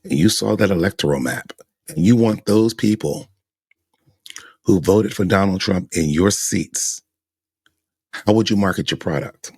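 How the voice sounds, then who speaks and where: A man's voice: low-pitched, unhurried, pauses often, darkish tone, slightly rough, no room sound, clean studio sound. A man hosting a podcast, giving emphatic opinion commentary full of rhetorical questions. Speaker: podcast host.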